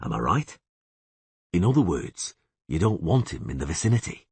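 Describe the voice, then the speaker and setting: Guy doing calm patient monster hunter, low husky voice, dry. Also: no room sound, heavily acted. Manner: calm, level, measured.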